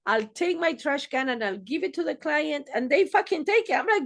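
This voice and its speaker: A woman's voice: high-pitched, expressive, moderate pace, creaky. A woman therapist giving casual advice, blunt and swearing freely, acting out little exchanges as she talks.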